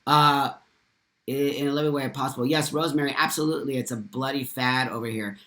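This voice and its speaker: A man's voice: mid-range voice, fairly even intonation, a little fast, pushed and bright. Male live-stream host, impassioned and blunt with profanity, mid-range voice in an echoey room. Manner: passionate, emphatic, swears freely. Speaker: livestream host. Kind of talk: live stream talk, reading chat comments. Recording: roomy echo.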